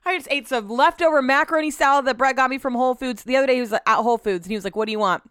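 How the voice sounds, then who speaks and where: Young woman podcast host, candid ranting, plenty of swearing, smooth higher voice, dry close sound. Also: racing, a bit bright, no echo. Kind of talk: solo podcast chat. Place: at home.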